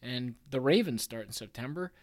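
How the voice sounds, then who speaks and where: A man's voice: mid-range voice, expressive, moderate pace. A man hosting a casual sports podcast, talking in a playful, jokey way and hyped about his team. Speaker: podcast host.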